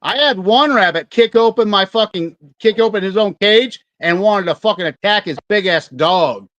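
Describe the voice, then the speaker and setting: Pria bersuara tinggi yang bicara cepat dan kasar. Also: male voice, sits high, lively intonation, fairly bright tone, no room sound, lo-fi sound. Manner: profane, fast-talking. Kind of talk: casual storytelling chat.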